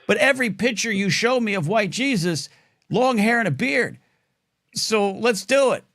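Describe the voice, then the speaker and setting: A man hosting a live call-in talk show, rambling and excitable with lots of restarts. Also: high voice, normal speed, dry recording, clean studio sound. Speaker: host.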